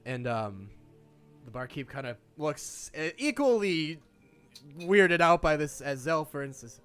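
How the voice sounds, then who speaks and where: A man's voice: a little high, sing-song, unhurried, a bit bright, clean tone, faint music behind. A man narrating as game master of an online tabletop game, laughing often and voicing the characters. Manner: laughing, voices the characters with restarts.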